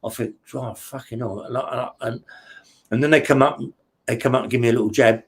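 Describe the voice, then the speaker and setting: A man, at a middling pitch for a man, recounts his story in blunt, swearing-laden bursts. He rambles through restarts and punchy sound words, tagging nearly every phrase with a questioning "yeah?". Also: fairly even intonation, fairly quick, slightly rough. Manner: blunt and profane, tags lines with "yeah?". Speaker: interview guest. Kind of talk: casual true-crime storytelling.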